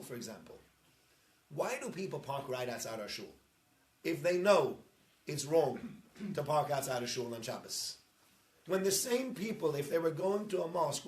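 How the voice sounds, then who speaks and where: A man, a rabbi, giving an informal talk to his congregation, telling stories chattily and building to animated emphasis. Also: on the high side. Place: synagogue hall. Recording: roomy echo.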